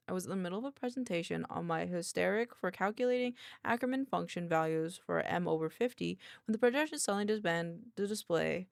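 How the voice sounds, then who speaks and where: A woman voicing a stern young woman researcher held in containment, speaking curtly and formally in a deepened voice. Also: creaky, no room sound, clean studio sound. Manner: curt, formal, deliberately deeper voice.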